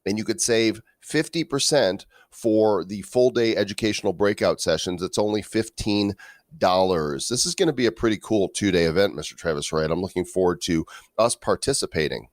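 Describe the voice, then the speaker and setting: A man's voice: on the low side, moderate pace, dry recording, studio quality. A man co-hosting a casual podcast, joking around and reading news and promos with playful emphasis. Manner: playful, jokey, reads promos with bursts of emphasis. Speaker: podcast co-host. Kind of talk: casual chat.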